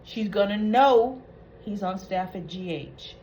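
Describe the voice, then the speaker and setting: A woman's voice: medium pitch, lively intonation, takes it slowly, a little mellow, slight background noise, poor audio. A woman hosting a soap opera recap, retelling scenes in a chatty, opinionated way.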